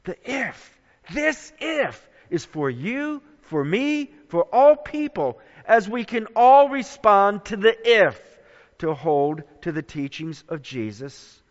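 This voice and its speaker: A man preaching a sermon with dramatic, emphatic emphasis and drawn-out phrasing. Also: sits high, sing-song. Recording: dull lo-fi with long reverb.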